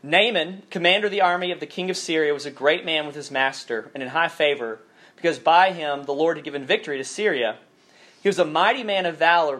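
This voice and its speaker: Reading scripture aloud during a casual, chatty sermon, a campus minister from southern Alabama pokes fun at himself and leans on fillers. His faded Southern accent comes through in a fairly high, a bit bright voice.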